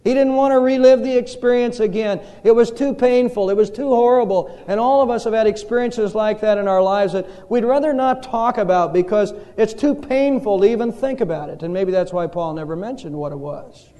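High-voiced preacher in an echoing hall. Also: male voice, warm tone. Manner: slow, dramatic storytelling with pauses. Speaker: pastor. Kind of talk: sermon. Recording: reverberant hall.

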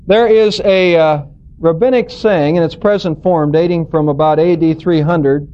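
A man's voice: fairly high pitch, fairly even intonation, normal speed. A man preaching a sermon as a pastor, teaching through scripture in an earnest, storytelling, emphatic way. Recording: dull lo-fi recording.

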